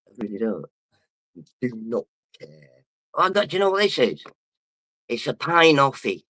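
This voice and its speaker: A man's voice: fairly high pitch, pushed and bright, dry recording. Drunk, rambling man. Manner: rambling, boisterous, sweary. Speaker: livestreamer. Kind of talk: casual livestream chat, reading comments.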